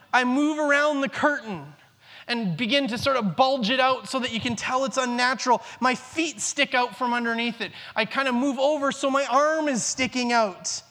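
A man's voice: very high-pitched, bright, forceful tone. A man in his thirties preaching a sermon, earnest, repeating key phrases for emphasis. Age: 30s. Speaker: pastor. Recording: long reverb in a large hall.

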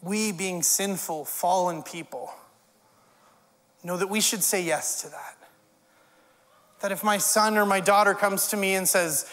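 A man's voice: sits high, steady tone, normal speed, long pauses, fairly bright tone. A male pastor preaching a sermon in a conversational way, with wry humorous asides. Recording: long hall reverb.

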